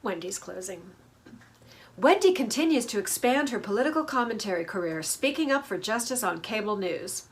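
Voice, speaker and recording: A woman's voice: medium pitch, lively intonation, normal speed. A woman hosting a casual reality TV recap, snarky and gossipy, laughing at the drama.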